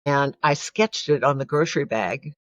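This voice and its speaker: A woman's voice: a bass voice, normal speed, no room sound, highs cut off. A woman giving an earnest, emotional personal testimony as a guest in an interview. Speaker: podcast guest.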